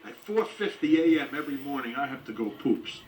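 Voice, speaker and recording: A man's voice: mid-range voice, lively intonation, fairly quick, far from the mic, a little hiss or hum, rough recording. A man delivering a rambling comic monologue straight to the camera, brash and full of groans, asides and complaints. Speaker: comedian.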